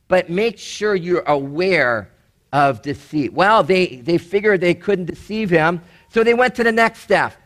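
Middle-aged male pastor from Canada, high voice, chatty sermon delivery with playful asides. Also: lively intonation, normal speed, a bit bright. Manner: conversational, jokey, acts out quoted voices.

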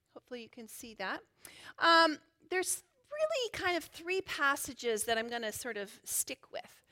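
A woman's voice: sits high, pushed and bright. A woman pastor preaching a sermon in a chatty, playful way, joking and laughing easily with the congregation.

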